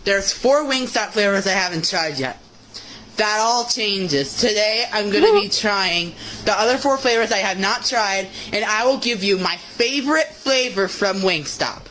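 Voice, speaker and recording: A food reviewer in a vlog clip, upbeat and giving quick ratings out of ten. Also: female voice, medium pitch, expressive, fairly bright tone. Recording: noisy clip with background ambience.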